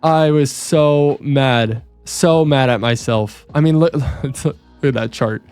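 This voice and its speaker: A young man walking through trading charts on screen, excitable and self-mocking, repeating himself as he talks. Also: medium pitch, slow, clean tone, faint music behind. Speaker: trading video host. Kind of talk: screen-share chart walkthrough.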